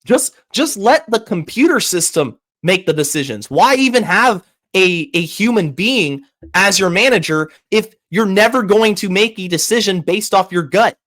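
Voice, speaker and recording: A man with a high-pitched voice hosts a sports podcast, ranting about his team's decisions. He talks fast and heated, tripping over his words and restarting sentences as his frustration builds. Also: expressive, fairly bright tone. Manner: heated, rapid, frequent restarts. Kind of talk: opinionated sports commentary.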